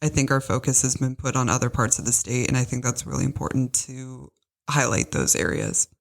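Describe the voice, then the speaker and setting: A woman's voice: rumbling low, brisk, creaky. A young woman co-hosting a casual podcast from a small office, easygoing and teasing. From Washington State. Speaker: podcast co-host. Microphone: studio microphone.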